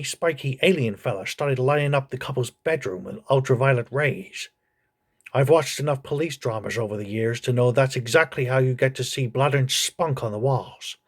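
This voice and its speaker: Sarcastic man cracking crude review jokes. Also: medium pitch. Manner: crude, mocking deadpan jokes. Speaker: comedy reviewer.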